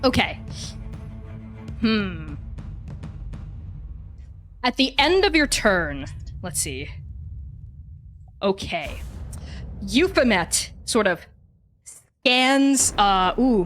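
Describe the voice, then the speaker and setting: A woman running a tabletop game as game master, narrating in an animated way with lots of fillers. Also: a little high.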